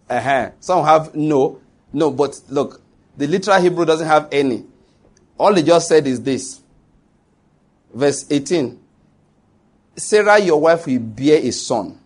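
Male preacher, middle-aged, emphatic, higher voice with a husky edge. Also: darkish tone. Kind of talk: sermon.

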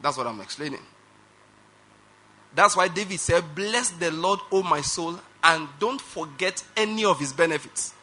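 Male preacher, emphatic sermon delivery, high and brightly forceful tone. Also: expressive, normal speed. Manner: emphatic preaching with rhetorical questions; laughs between phrases. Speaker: pastor.

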